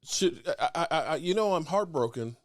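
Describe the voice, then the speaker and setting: A man hosting a loose sports talk stream, talking in a fairly high voice that swings widely in pitch. He rambles and trips over his words. His close mic sounds dry, with no room echo. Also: moderate pace. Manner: animated, rambling, stammers and restarts; greets chat viewers by name. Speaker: sports talk show host. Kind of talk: casual live-stream chat.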